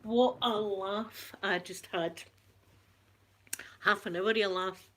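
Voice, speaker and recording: A woman's voice: mid-range voice, steady tone, takes it slowly, a bit bright. A Scottish woman chatting casually on a live stream, greeting viewers by name and telling a story with giggles. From Scotland. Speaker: vlogger.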